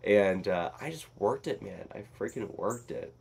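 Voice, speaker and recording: A man vlogging in a casual, rambling monologue that is animated and full of swearing. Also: fairly low pitch, moderate pace, creaky, breathy edge.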